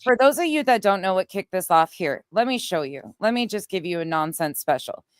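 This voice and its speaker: A woman's voice: medium pitch, animated, a little fast, dry recording, studio quality. A woman hosting a livestream, chatting casually and thanking viewers by name. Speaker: channel host.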